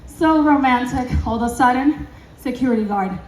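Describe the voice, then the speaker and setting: High-voiced woman telling a lively story. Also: moderate pace, far from the mic, slight background noise. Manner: animated, acts out dialogue, laughs often. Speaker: vlogger. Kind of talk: casual storytelling to camera. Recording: roomy echo, away from the mic.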